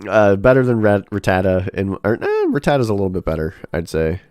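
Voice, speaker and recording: A man giving casual livestream commentary, chatty and thinking out loud, laughing often. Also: on the low side, wildly swooping pitch, a little fast, dry recording, faint music behind. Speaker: livestreamer ranking a tier list.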